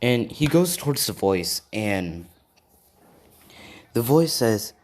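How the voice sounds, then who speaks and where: A man's voice: medium pitch, very animated, slow pace, a little hiss or hum. A man casually narrating an improvised fan story, rambling with lots of fillers and asides to his viewers.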